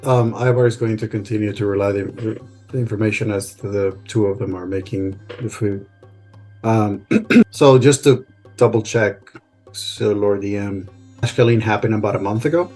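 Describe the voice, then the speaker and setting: A man playing a tabletop role-playing game, calmly relaying information for his character. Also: on the low side, normal speed, soft background music. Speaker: player. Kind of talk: casual tabletop game chat.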